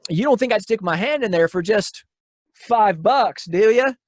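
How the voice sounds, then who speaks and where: A man doing a calm, sly punchline guy. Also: sits high, normal speed, dry recording, clean studio sound. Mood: smug.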